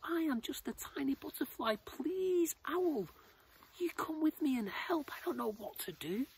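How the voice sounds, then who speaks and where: A man voicing a timid tiny male butterfly in a children's story, with a high, soft, pleading voice. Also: lively intonation, measured pace, creaky, heavily acted.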